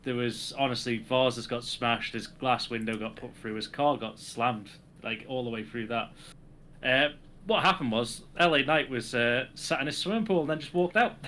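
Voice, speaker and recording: Bright-voiced man recapping wrestling. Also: medium pitch, normal speed, a little hiss or hum. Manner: sarcastic, recaps segments with acted quotes. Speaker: podcast co-host. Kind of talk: casual wrestling chat.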